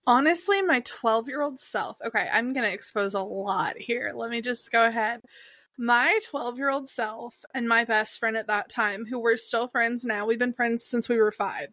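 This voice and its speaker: A woman's voice: fairly high pitch, moderate pace, bright, forceful tone, no room sound. Chatty sarcastic woman podcaster. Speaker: podcast co-host. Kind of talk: casual chat. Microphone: podcast mic.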